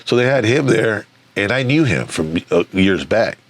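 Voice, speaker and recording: A man's voice: fairly low pitch, animated, moderate pace. A middle-aged man, a magazine founder, telling stories in a casual, profane interview, repeating words and acting out quotes. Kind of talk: casual storytelling.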